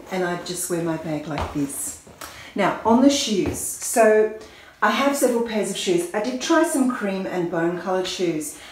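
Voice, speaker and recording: Chatty woman in an echoey room. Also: lowish voice. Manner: chatty and enthusiastic, explaining as she goes. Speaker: fashion vlogger. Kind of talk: casual fashion styling talk to camera. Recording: very echoey room with faint noise.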